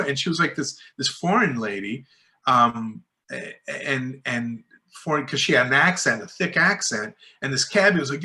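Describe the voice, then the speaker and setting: Man, interview guest, rambling storyteller, fillers and restarts, bright tense tone. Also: medium pitch, moderate pace. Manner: acts out other people's lines in a raised voice. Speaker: guest filmmaker. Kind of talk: casual storytelling in a podcast interview.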